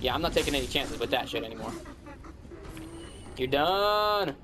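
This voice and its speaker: A man's voice: mid-range voice, very fast, creaky, background noise. A man giving casual commentary while playing a game, grumbling and trash-talking the enemies with sarcasm. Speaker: gamer.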